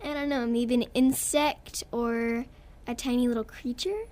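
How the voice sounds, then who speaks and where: A woman's voice: fairly high pitch, steady tone, a little slow, a little mellow. A young girl from Texas with a Texan accent, a guest actress in a radio interview, talking in a bubbly, earnest way and giggling often. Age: child.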